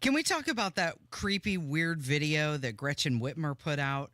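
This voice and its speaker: A man co-hosting a talk radio show, chatting casually and reacting quickly in short replies. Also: a little high, animated, bright, forceful tone, no room sound, clean studio sound. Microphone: studio microphone.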